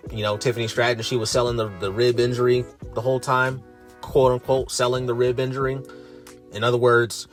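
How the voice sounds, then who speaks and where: A young man ranting sarcastically through a wrestling show review, swearing freely and pitching his voice up in disbelief. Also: flat delivery, brisk, faint music behind. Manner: profane, sarcastic, exasperated, voice rising in disbelief.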